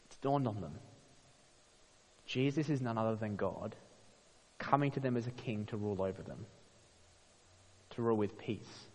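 Preacher in a reverberant church hall. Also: male voice, on the low side, normal speed, pauses often. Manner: expressive, rhetorical questions, acts out quoted voices. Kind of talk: sermon.

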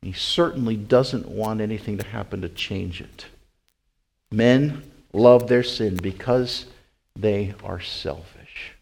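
A man preaching a sermon as pastor, asking his listeners question after question and swinging from loud, high calls to slow, hushed lines. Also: gravelly. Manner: asks the congregation rhetorical questions.

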